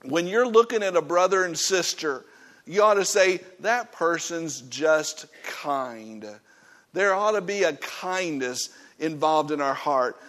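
A man preaches to his congregation in a fairly high voice. He is emphatic and folksy. His delivery swings between loud, driving points and quiet, stern asides. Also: normal speed. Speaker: pastor. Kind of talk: sermon. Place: church.

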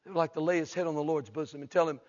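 A man preaching a humorous sermon, acting out voices and shouting for emphasis. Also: on the high side, very fast, dull audio. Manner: animated, jokes and acts out voices, shouts for emphasis.

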